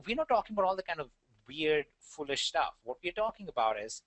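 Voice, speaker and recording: A man's voice: a little high, big pitch swings, brisk, fairly bright tone, dry recording. A man with an Indian accent presenting an online webinar, talking earnestly with a rambling delivery and many fillers.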